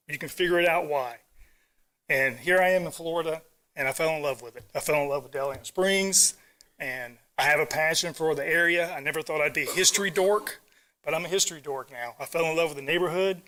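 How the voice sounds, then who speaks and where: A middle-aged man speaks at a county council podium, earnest and halting. His voice is bright and forceful and sits a touch high, and he stumbles over his words as he holds back emotion. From Virginia Beach area, US. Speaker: public commenter. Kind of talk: public comment at a council meeting.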